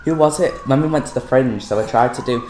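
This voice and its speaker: A man's voice: mid-range voice, fast, darkish tone. A young man from Liverpool with a Scouse accent, telling rambling, self-deprecating stories in casual chat. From Liverpool, England. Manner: rambling, self-deprecating storyteller, laughs often. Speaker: podcast co-host. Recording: echoey room, faint noise.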